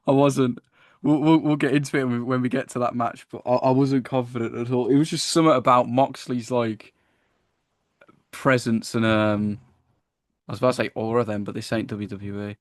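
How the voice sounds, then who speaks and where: A man co-hosting a casual wrestling review podcast, chatty and animated as he retells the show. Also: medium pitch, brisk, dry recording, clean studio sound. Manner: chatty, animated when acting out wrestlers, frequent "I was like". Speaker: podcast co-host.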